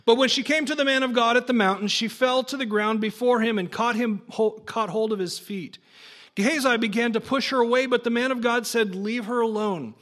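High-voiced preacher reading scripture aloud. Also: male voice, steady tone, fairly quick, fairly bright tone. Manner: casual, jokey asides between dramatic reading. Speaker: pastor.

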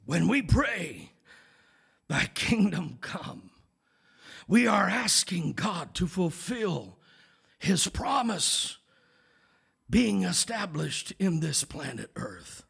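Male pastor, gravelly and husky, slow sermon delivery that swells into shouts. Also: high-pitched, animated. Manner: preaching cadence, building to shouted climaxes.

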